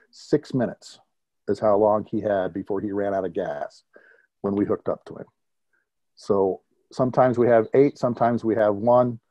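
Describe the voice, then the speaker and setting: Middle-aged guy with a low mellow voice telling war stories in an interview, kinda dull lo-fi sound. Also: no room sound. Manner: animated anecdotal storyteller, chuckles at his own stories. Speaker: guest, retired military pilot. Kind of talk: conversational interview storytelling.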